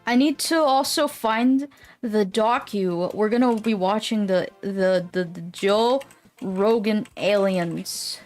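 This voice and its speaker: A woman's voice: mid-range voice, slow, a little mellow, soft background music. A woman streamer chatting casually with her viewers. She rambles, swears often and laughs easily. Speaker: live streamer. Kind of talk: casual live-stream chat.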